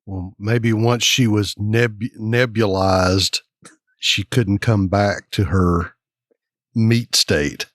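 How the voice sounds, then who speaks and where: A man's voice: on the low side, extremely slow, a bit bright, no room sound, studio quality. A man co-hosting a casual podcast, speculating and musing aloud. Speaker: podcast co-host.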